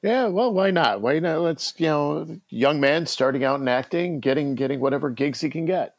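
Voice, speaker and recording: A man co-hosting a podcast, chatting casually with quick, breezy asides. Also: fairly high pitch, lively intonation, dry recording. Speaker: podcast co-host.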